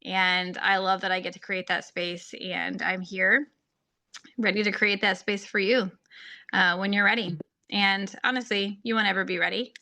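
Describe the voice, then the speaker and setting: Bright-voiced woman, earnest podcast host. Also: medium pitch, fairly even intonation, normal speed. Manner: earnest, heartfelt, peppered with "like" and "um". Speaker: podcast host and faith-based marriage coach. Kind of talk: casual podcast monologue.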